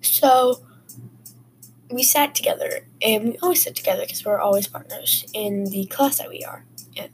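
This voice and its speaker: A woman's voice: medium pitch, a little hiss or hum, low-quality recording. A woman hosting a casual podcast, telling personal stories in a rambling, chatty way full of fillers. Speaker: podcast host. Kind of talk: casual storytelling.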